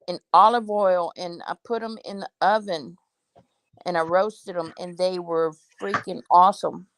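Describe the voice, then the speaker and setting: A woman's voice: lowish voice, fairly even intonation, a little slow, a little hiss or hum. A woman co-hosting a casual chat, talking in a blunt, chatty way.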